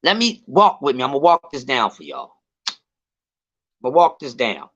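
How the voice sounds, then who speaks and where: A man's voice: medium pitch, big pitch swings, moderate pace, a bit bright, dull audio. A man ranting on a casual livestream about boxing, profane and heated, often stretching and repeating words as he builds his point. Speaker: boxing commentary vlogger.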